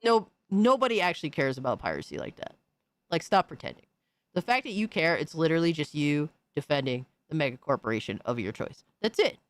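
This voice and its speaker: A man hosting a stream rants bluntly, profanely and mockingly, packed with slang. His voice is high-ish, sing-song and a bit bright, fairly quick, with no echo.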